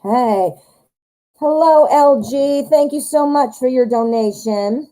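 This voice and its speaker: Woman host, chatty live tarot reader, mellow tone, lively delivery. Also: high voice, slow pace, poor audio. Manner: chatty, animated, greets viewers by name. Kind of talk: casual live-stream chat.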